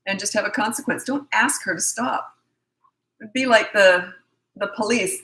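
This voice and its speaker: A woman's voice: mid-range voice, quick pace, bright, forceful tone. Blunt middle-aged woman with a scratchy throat. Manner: blunt, no-nonsense, matter-of-fact. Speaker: parenting coach answering viewer questions. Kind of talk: casual Q&A advice.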